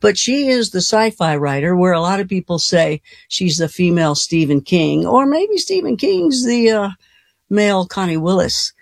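A woman's voice: on the low side, very animated, normal speed, creaky, no room sound. A woman hosting a late-night call-in radio show, chatty and folksy, laughing easily between callers. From Colorado. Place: radio studio.

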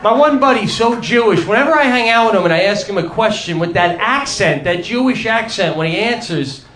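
A man's voice: high voice, expressive, fairly quick. A man with a New York accent doing a stand-up set, brash and conversational, talking directly to the crowd in a comedy club. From New York, USA. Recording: echoey club, loud crowd.

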